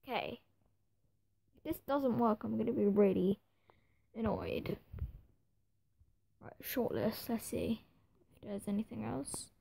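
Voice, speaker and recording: A woman's voice: a little high, takes it slowly, gravelly, long pauses, mellow, husky. A woman giving running commentary over a football management game, often exasperated and muttering to herself. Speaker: gaming video creator. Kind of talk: gameplay commentary.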